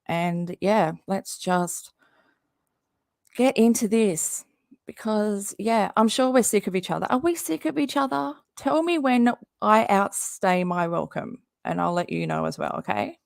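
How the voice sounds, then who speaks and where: Her voice fading, a woman runs a relaxed livestream from her house beneath a tin roof in the rain, saying hello to viewers, chatting and laughing frequently. The mid-range voice is expressive and measured, with vocal fry, captured at studio quality without echo.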